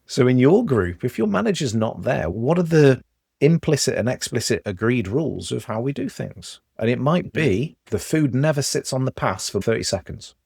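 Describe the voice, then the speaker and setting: A man with a Stoke Midlands accent, a podcast guest telling lively examples in casual conversation. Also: mid-range voice, normal speed, gravelly, husky, no room sound, clean studio sound. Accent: Stoke, English Midlands.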